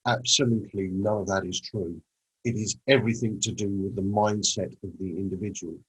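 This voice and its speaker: Husky man giving a motivational talk. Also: low-pitched, fairly even intonation, a little fast, poor audio. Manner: storytelling, acts out quoted conversations. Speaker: presenter. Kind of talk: motivational presentation.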